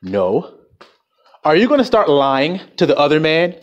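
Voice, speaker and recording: A man delivering a fiery, profane sermon, swinging from low mutters to shouts. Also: big pitch swings, a little slow, highs cut off. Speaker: self-styled preacher. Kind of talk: fiery street-style sermon.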